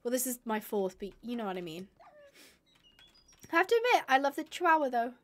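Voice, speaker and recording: Woman, live game streamer, expressive chatter, high pitch. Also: fairly quick, long pauses. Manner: expressive, swings from glum muttering to shrieking distress. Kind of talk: live gameplay commentary.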